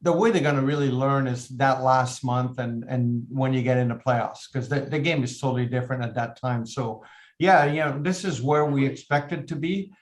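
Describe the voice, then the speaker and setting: Earnest man in his fifties, interview guest. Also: medium pitch. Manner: earnest, measured, halting restarts. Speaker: team president, podcast guest. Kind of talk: interview answers.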